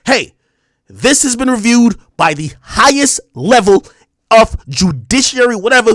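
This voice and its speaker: A man's voice: very high voice, big pitch swings, unhurried, a bit bright, no echo, clean studio sound. A man in his thirties hosting a livestream, talking straight to his chat in an emphatic, repetitive and defiant way with plenty of profanity. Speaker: streamer host.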